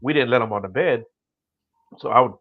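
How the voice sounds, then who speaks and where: Gravelly low man, muffled dry sound. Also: a little fast, no echo. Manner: relaxed, easygoing storytelling with "uh" and "you know". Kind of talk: casual podcast chat.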